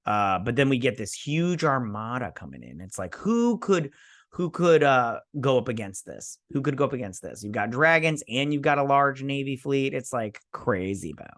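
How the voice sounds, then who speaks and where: A man's voice: mid-range voice, sing-song, moderate pace, fairly bright tone, dry recording, clean studio sound. A man hosting a review show, recapping an episode in a loose, slangy way and voicing the characters' lines in passing. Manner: retells scenes by casually voicing characters' lines; loose and slangy, with many fillers.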